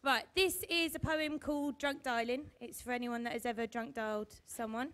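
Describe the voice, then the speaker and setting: A woman's voice: fairly high pitch, steady tone, moderate pace, a bit bright. A woman on stage before her poem, flustered, chatty and swearing. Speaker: performance poet. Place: live venue on stage.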